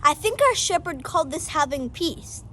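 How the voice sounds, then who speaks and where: A woman's voice: high voice, animated, normal speed, pushed and bright, slight background noise, poor audio. A woman voicing a thoughtful, wise sheep who earnestly explains things to the flock in an amateur scripture drama. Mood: reflective.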